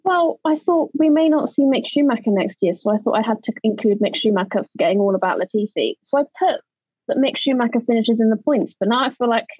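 A woman's voice: a little high, animated, fast, slightly rough, no echo, muffled recording. A woman co-hosting a podcast in playful casual chat. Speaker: podcast co-host.

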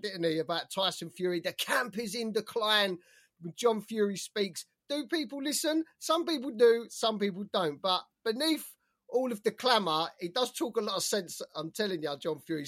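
An easygoing man chats as co-host of a casual sports podcast, a little tender after drinks. He talks in a relaxed, rambling way, full of fillers. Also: high-pitched. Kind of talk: casual boxing podcast chat.

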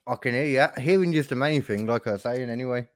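A man's voice: mid-range voice, fast talker, no room sound, studio quality. A man hosting a casual chat over a video call, laid-back and heavy on fillers. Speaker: podcast host.

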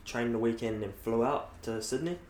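A man's voice: medium pitch, moderate pace, darkish tone. Laid-back young New Zealand guy. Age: late teens. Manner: laid-back, heavy filler words. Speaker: guest. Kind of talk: casual chat. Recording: echoey room with faint hiss.

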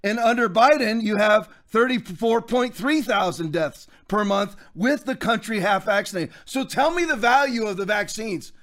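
A man with a high-pitched voice hosting a podcast, delivering political commentary as an emphatic monologue. He preaches at his listeners and reads scripture aloud between points. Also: moderate pace, hardly any pauses, a bit bright. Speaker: podcast host.

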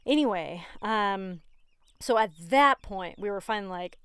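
Smooth and medium-pitched, this woman's voice moves at a normal speed with no echo. As a podcast host, she chats loosely and rambles, often laughing and using fillers.

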